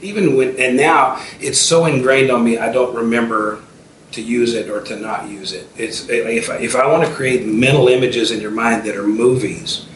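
A man's voice: mid-range voice, steady tone, moderate pace. A man in his fifties, an entrepreneur guest telling stories in a casual interview, with many restarts and fillers. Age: 50s. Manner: storytelling, frequent restarts and fillers. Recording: roomy and distant with faint noise.

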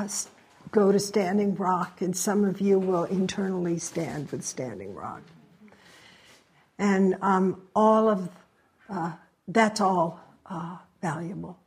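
Husky, gravelly-voiced woman, reflective. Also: medium pitch. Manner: reflective, halting, gently encouraging. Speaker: meditation teacher. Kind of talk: closing remarks at a meditation retreat.

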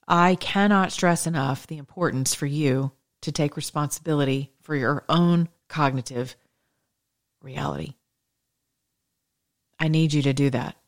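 A woman hosting her own show, delivering a passionate, preachy monologue of religious political commentary. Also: sits low. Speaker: show host.

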